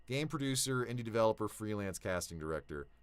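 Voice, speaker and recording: A young male voice actor talking casually to his viewers, animated, swinging between low mutters and excited shouts. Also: fast talker, clear, resonant tone, no echo. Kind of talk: casual vlog talk.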